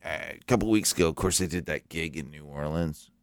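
A man hosting a casual podcast from home, rambling and excitable, often stopping and restarting. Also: extremely low pitch, a little fast, no echo, clean studio sound. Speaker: podcast host. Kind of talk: casual chat.

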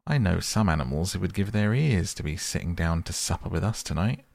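A man voicing a cheerful, bustling male water rat from a storybook, talking briskly and heartily. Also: deep voice, lively intonation, gravelly, a little mellow, no echo, clean studio sound, exaggerated voice. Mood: jolly.

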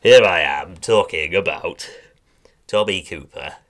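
A man imitating a smooth northern English chat-show host, deep voice, slow and mannered. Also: a bit bright, full character voice. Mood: introducing.

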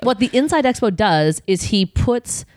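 A woman telling a work story in casual chat, animated and swearing, acting out what she said back then. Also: medium pitch, moderate pace, no echo, studio quality. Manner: animated, swearing, acts out her own past lines.

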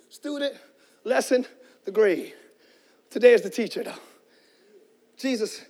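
A male pastor preaching a sermon with fervent energy, often shouting and calling out to the congregation. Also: extremely high pitch.

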